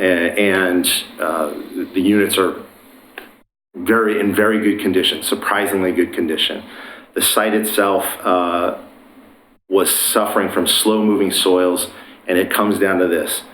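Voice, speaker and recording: Man, lowish voice, persuasive presenter, echoey chamber, faint background noise. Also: a bit bright. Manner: earnest, persuasive, some hesitations. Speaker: property owner presenting. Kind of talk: public meeting presentation. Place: council chamber.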